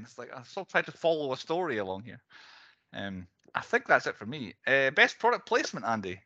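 A man's voice: on the high side, big pitch swings, fast talker, bright, forceful tone, no room sound, dull audio. A man co-hosting a casual film podcast over a video call, talking animatedly and acting out lines in mock voices. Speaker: podcast co-host. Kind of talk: casual chat.

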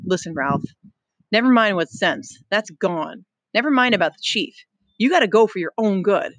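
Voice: mid-range voice, lively intonation, normal speed, no echo, rough recording. A reader voicing nervous twin boys who insistently warn a friend to run in a storybook reading. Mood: urgent. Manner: hushed, insistent warnings.

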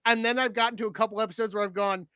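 A man co-hosting a casual chat, excitable and swearing freely as he acts out his own reactions. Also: high-pitched, racing, clean tone, no room sound. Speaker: podcast co-host.

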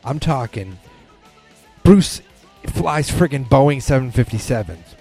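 A man's voice: medium pitch, lively intonation, slow pace, dark tone, slightly rough, soft background music. A man hosting a casual solo podcast, rambling with many restarts and fillers. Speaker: podcast host. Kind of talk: casual monologue.

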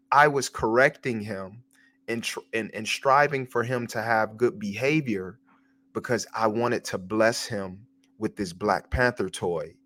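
A man hosting a devotional podcast, telling a family story in an earnest way, with pauses and repeated words as he goes. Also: mid-range voice, fairly bright tone. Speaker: podcast host.

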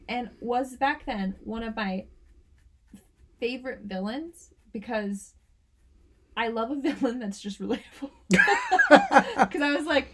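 A woman's voice: on the high side, bright, forceful tone. A woman co-hosting a podcast, chatting casually about a film and laughing often. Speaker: podcast co-host. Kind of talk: casual chat.

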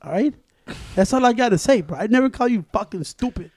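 A man co-hosting a podcast in casual banter, animated and swearing, laughing often. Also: high voice, fairly quick. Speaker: podcast co-host. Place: indoor studio table.

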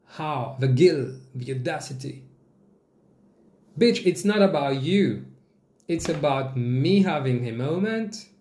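A man hosting a podcast alone, telling a personal story in casual, swearing talk with sudden jumps in pitch. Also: vocal fry, dark tone. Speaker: podcast host. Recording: echoey room.

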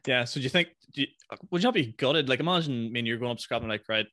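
A man's voice: medium pitch, very fast, pushed and bright, dry recording, studio quality. A man hosting a podcast, chatting casually, laughing a lot and swearing freely. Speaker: podcast host. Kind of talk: casual chat.

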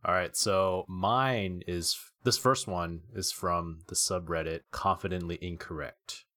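A man co-hosting a podcast, reading posts aloud in a casual, animated way and laughing at them. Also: sits low, a little slow, no echo, studio quality. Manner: reads quotes in an animated, laughing voice. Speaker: podcast co-host.

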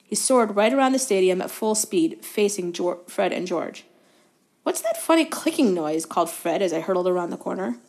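A woman's voice: on the low side, brisk, gravelly. Woman reading a children's novel aloud. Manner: steady storytelling, fillers of self-correction. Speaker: guest reader.

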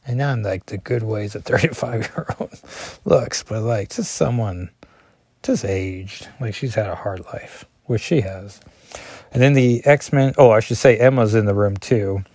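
A comic book vlogger with a lowish, slightly mellow voice reads through an issue page by page at a measured pace, with no room sound. His casual commentary is full of "like" and self-deprecating asides.

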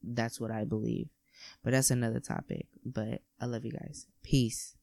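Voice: mid-range voice, flat delivery, normal speed, creaky, warm tone, no echo, studio quality. A podcast host chatting casually and effusively to listeners, with lots of "like" as filler. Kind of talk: casual solo podcast chat.

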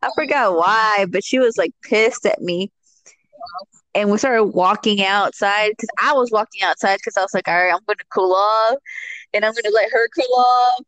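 A woman's voice: on the high side, a bit bright, no room sound, poor audio. A young woman co-hosting a podcast, chatting casually, laughing a lot and swearing, with some Spanish mixed in. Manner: laughs often, profane storytelling with Spanish mixed in. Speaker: podcast co-host. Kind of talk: casual chat.

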